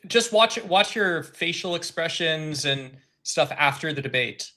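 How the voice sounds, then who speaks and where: A man calling in to a live stream debate, arguing in a halting, filler-heavy, accusatory way. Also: on the high side, expressive, pushed and bright. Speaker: caller asking a debater a question. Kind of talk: argumentative live stream call-in.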